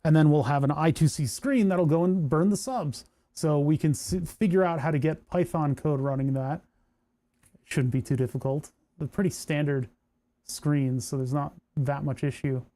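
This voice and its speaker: Man, a touch high, mellow tone, thinks aloud as he solders, casual streamer. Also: moderate pace. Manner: muttering to himself while working. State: hand cramps. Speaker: maker streaming a build. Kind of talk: casual workbench chat.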